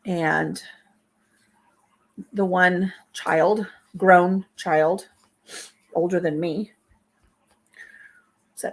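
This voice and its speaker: A woman's voice: on the low side, fairly even intonation, drawn-out words, pauses often. A middle-aged woman hosting a casual home kitchen vlog, talking through tears as she shares memories. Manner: tearful, speaks through crying. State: crying. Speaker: vlog host. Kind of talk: casual chat while baking.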